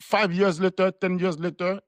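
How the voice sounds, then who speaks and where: A man's voice: high-pitched, flat delivery, normal speed, dry recording. A man on a live online panel, talking in long rambling runs with many restarts and repeated words. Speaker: panel guest.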